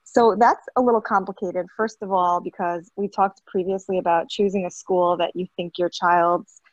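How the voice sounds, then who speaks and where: A woman's voice: fairly low pitch, steady tone, moderate pace, no room sound, dull audio. A woman calling in with a question, speaking hesitantly with a few nervous apologies. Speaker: caller asking a question. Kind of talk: casual question on a call. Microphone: video call, camera off.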